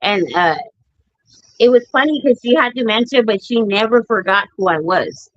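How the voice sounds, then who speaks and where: A woman's voice: on the high side, lively intonation, normal speed, fairly bright tone, no echo, highs cut off. A woman co-hosting a casual streamed chat, candid and laughing as she tells family stories. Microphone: streaming mic.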